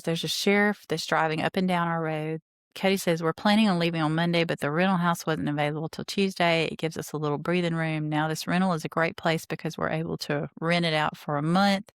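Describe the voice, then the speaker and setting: A woman's voice: deep voice, clear, resonant tone, no echo, studio quality. A woman podcast host casually recapping a reality show, retelling scenes and quoting the people in them, with blunt, opinionated asides.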